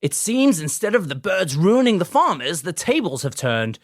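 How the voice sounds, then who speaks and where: A man putting on the voice of a brisk, upbeat 1930s newsreel narrator with an old-fashioned transatlantic announcer delivery. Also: sits high, very animated, no room sound, studio quality, voice pushed up, exaggerated voice. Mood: announcing.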